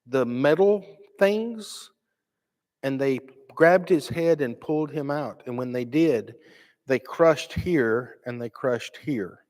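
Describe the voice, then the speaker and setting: A man voicing a sorrowful mother who explains her son's injury slowly and haltingly. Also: medium pitch, a little mellow, lightly acted. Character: worn, sorrowful mother, careful foreign speech. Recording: long reverb of a church hall.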